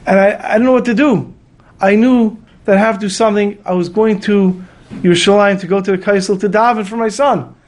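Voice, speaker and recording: A man's voice: sits high, fairly even intonation, fairly quick, lightly acted. A man voicing an anxious middle-aged father who speaks in a pleading, apologetic way.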